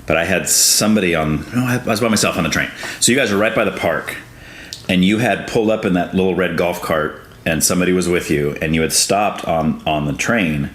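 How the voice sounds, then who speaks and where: Podcast host, male, deep voice, animated storyteller who laughs a lot; roomy recording. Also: fairly quick. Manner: laughs often, animated when telling stories. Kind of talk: casual interview chat, storytelling. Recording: roomy with faint noise.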